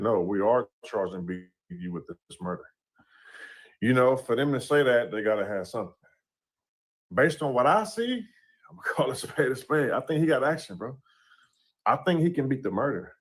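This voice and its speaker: Dude casually talking through a case, chill, keeps saying you know what im saying. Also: male voice, medium pitch. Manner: laid-back, leans on "you know what I'm saying". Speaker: commentator discussing a court case. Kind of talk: casual commentary.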